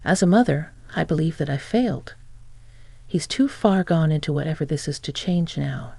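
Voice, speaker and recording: A reader playing an older mother-in-law, motherly yet fierce, scolding with a gravelly, mellow voice. The sound is dry and close, with no room around it. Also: deep voice, animated, moderate pace, dry recording, heavily acted. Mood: determined.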